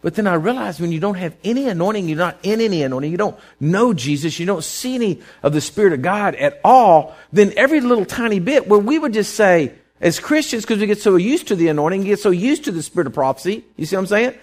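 A middle-aged male preacher giving a sermon, telling stories and swinging from quiet asides to loud, emphatic lines. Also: sits high, lively intonation, fast, few pauses.

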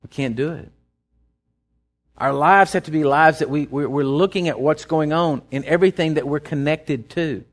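A man preaching a sermon in a slightly high voice. He talks to his congregation as if chatting, retelling scripture and stopping to restart his sentences. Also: moderate pace. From Texas. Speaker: pastor.

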